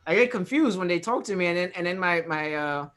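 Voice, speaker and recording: A man with a Brooklyn-sounding accent jokes and teases his way through a casual group chat. His voice sits a little high for a man. His talk is loose and playful. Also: lively intonation, fairly quick, over a noisy crowd. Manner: joking, teasing. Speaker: host.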